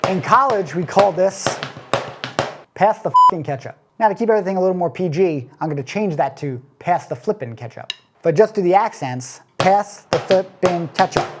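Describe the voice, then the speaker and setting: A man teaching a drum lesson, explaining step by step in a casual way and counting beats aloud. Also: on the high side. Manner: relaxed, casual phrasing.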